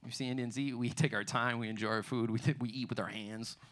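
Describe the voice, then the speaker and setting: A man's voice: medium pitch, fairly even intonation, quick pace, fairly bright tone. A man performing a stand-up comedy set in a loose, conversational way, often asking "you know what I mean". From United States. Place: theater bar stage.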